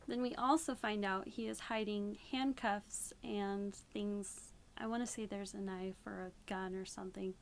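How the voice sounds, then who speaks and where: Sarcastic woman with a gravelly fry. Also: mid-range voice, a little hiss or hum. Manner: sarcastic, rambling recap with fillers. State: tipsy. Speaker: book reviewer. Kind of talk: casual spoken book review.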